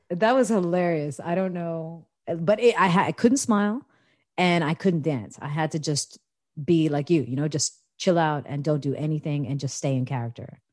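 A woman's voice: sits low, moderate pace, no echo, studio quality. A woman from the United States telling a funny party story in casual chat, laughing and acting out the people she quotes. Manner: animated, laughing, acts out quoted voices.

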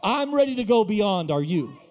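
A man with a high-pitched voice preaches a sermon in a small church. He is animated and jokey, and he acts out the lines he quotes. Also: normal speed, slight background noise. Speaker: pastor.

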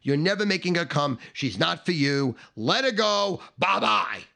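A man's voice: sits high, lively intonation, unhurried, vocal fry, sharp tone. A middle-aged man telling a profane, boastful story, emphatic and swaggering, building up through repeated phrases.

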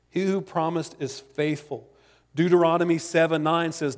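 A man's voice: a little high, steady tone, normal speed. A man preaching a sermon in a church sanctuary, talking conversationally with jokes and asides. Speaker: pastor. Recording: long reverb of a large hall.

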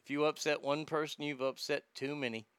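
A man's voice: a little high, little pitch movement, a little fast, a bit bright, clean tone, no room sound. Profane, rambling male podcast host. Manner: profane, rambling, reads listener comments aloud. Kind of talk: casual commentary.

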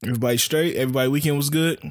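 A man co-hosting a podcast, telling stories in relaxed slang-heavy casual chat. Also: on the high side, racing, dry recording, clean studio sound. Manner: laid-back slang-heavy storytelling. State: recovering from being sick. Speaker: podcast co-host.

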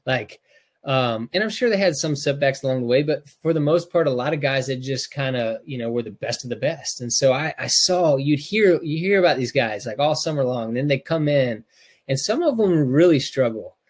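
A man's voice: mid-range voice, expressive, moderate pace. A middle-aged man from North Carolina chats on a podcast in a mid-range voice. He is openly emotional and rambles, stumbling over restarts and fillers as he tells his story. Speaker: podcast co-host, parent. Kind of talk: casual podcast chat.

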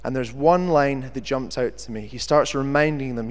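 A young British man preaching a sermon, reading scripture and then talking in a lively, chatty way with jokey asides. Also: mid-range voice, normal speed, few pauses. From Britain. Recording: long hall reverb.

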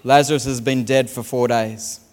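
A man's voice: mid-range voice, fairly even intonation, normal speed, a little mellow, long reverb tail. A man preaching a sermon as a pastor, telling funny stories and mimicking the way others speak. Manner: humorous storytelling, mimics accents.

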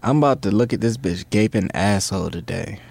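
A man's voice: fairly low pitch, brisk, creaky, darkish tone, no room sound. A man in casual chat, laid-back and profane, often stammering and restarting.

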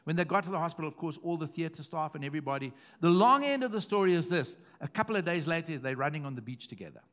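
Emphatic pastor, higher voice. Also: male voice, animated, quick pace. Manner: emphatic, repeating phrases, swings from hushed to loud. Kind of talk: sermon.

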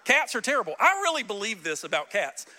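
A male pastor preaching in a church with a high, bright voice. He is animated and playful, throwing questions straight out to his congregation. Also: quick pace. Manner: animated, joking, talks directly to the congregation. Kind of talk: sermon. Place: church sanctuary.

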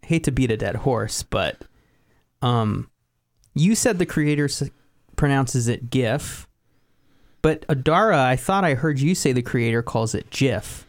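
A man co-hosting a podcast, chatting casually with a playful, deadpan teasing manner and frequent laughs. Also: medium pitch, unhurried, dry recording, clean studio sound. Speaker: podcast co-host. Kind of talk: casual joking chat.

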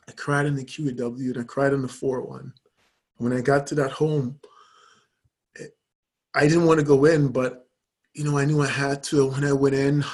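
A middle-aged man from Jamaica, a guest telling his personal story in an interview, earnest and halting, with many fillers. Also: on the high side. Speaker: guest, youth charity founder.

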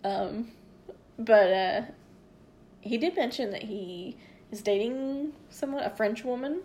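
A woman's voice: fairly high pitch, takes it slowly, mellow. A young woman with a light East Tennessee Southern accent, casually telling a story on a podcast she also edits, with loose swearing. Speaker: podcast co-host and editor. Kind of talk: casual chat.

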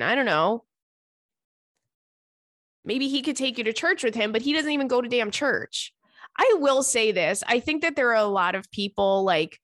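A woman's voice: mid-range voice, a bit bright, no echo, clean studio sound. A woman hosting a podcast, reading out listener letters and reacting in a chatty, giggly way, often breaking into laughter. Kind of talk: casual chat.

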